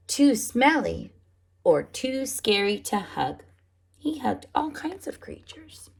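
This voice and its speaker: A woman preschool teacher reading picture books aloud to young children, animated and often asking them questions. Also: mid-range voice, gravelly, breathy edge. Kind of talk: storybook read-aloud for children.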